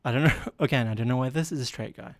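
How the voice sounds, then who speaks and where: A man's voice: mid-range voice, fast talker, no echo, studio quality. A man hosting a solo comedy podcast, rambling and self-deprecating with lots of fillers and a stuffy nose. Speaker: podcast host.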